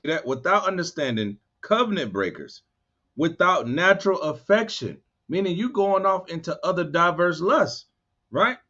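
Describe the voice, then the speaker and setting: A man leading a bible study, reading verses slowly and then explaining them in loose, animated street talk. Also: sits high. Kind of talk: scripture study teaching. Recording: dull lo-fi sound.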